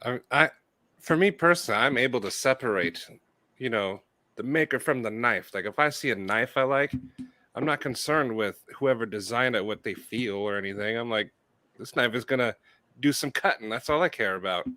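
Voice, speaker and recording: Bright-voiced laid-back man. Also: mid-range voice, expressive, moderate pace, no room sound. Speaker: co-host. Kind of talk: casual livestream chat.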